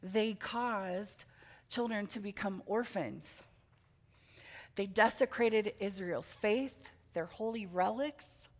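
A woman preacher giving a children's sermon, telling a story with animated expression and asking the children questions. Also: medium pitch. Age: adult with children.

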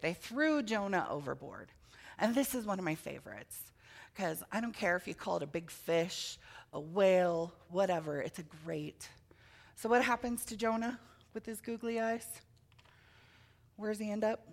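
Telling a story to the children with lively expression, a woman preacher gives a children's sermon and poses questions to them. She is an adult, and her mid-range voice has a gravelly quality.

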